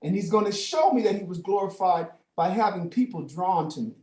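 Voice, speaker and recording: An older man teaching scripture in a classroom, animated, with frequent profanity and street slang. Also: high voice, brisk, reverberant.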